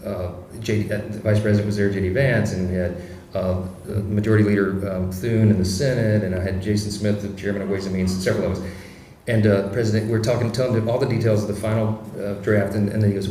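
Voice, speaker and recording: A man speaking as a political guest in an interview, telling stories in an animated, casual way with frequent restarts. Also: fairly low pitch, fast, echoey room, slight background noise. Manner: animated anecdote-teller who speeds up and laughs through stories.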